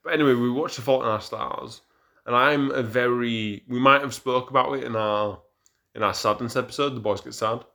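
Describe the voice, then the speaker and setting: A man's voice: medium pitch, fairly quick, vocal fry, pushed and bright. A young man co-hosting a podcast in casual chat, tipsy from drinking and rambling with stumbling restarts. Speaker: podcast co-host.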